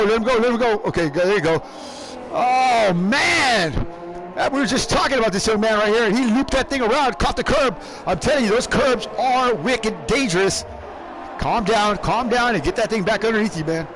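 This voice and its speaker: A man commentating a sim race live, animated and shouting in bursts, often repeating words quickly. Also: high-pitched, over music. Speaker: race commentator and league team owner.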